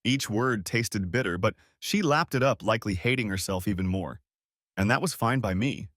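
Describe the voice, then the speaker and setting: A man narrating a first-person revenge story in a measured, wry storytelling manner, recorded close to the mic. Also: fairly low pitch, expressive, fairly bright tone, no room sound.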